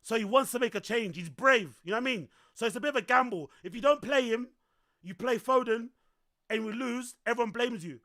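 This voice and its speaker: Streamer type, young, very high pitched and sharp, loose chatty match commentary. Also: male voice, brisk. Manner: chatty, repeats himself, reacts to chat. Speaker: streamer host. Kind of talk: casual live-stream football commentary.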